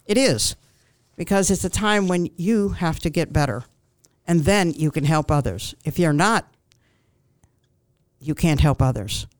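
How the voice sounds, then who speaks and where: A woman speaking as a grief counselor guest in an interview, giving calm, reassuring advice with frequent ums and restarts. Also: deep voice, unhurried, dry recording.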